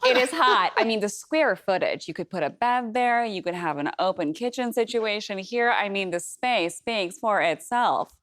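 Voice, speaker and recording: A woman's voice: medium pitch, expressive, normal speed, few pauses, a bit bright. A woman doing improv comedy as a chirpy real-estate agent with breezy sales patter.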